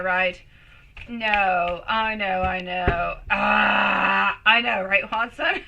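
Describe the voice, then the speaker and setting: A woman reading tarot on a live stream, with a very bright, sharp voice. She is affectionate and emotive, calling viewers sweetie, and her pitch stays mid-range. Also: vocal fry, a little hiss or hum, rough recording. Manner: emotive, swings between excited and soft. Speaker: tarot reader.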